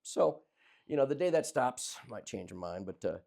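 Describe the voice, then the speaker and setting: A man co-hosting a casual podcast, telling a rambling, animated story and swearing freely. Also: medium pitch, normal speed, gravelly. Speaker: podcast co-host. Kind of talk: casual chat.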